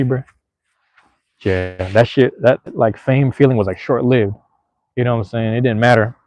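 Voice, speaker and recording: A man's voice: on the low side, normal speed, long pauses, darkish tone. A young man from Seattle, hosting a podcast and telling a childhood story in a laid-back, slangy, profane way. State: out of breath. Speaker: podcast host. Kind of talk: casual storytelling.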